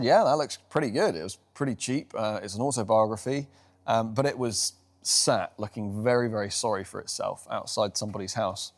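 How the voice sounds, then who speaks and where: A man, hosting a casual car vlog outdoors and telling the story behind the vehicle in a chatty, enthusiastic way. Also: lowish voice. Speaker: car vlogger.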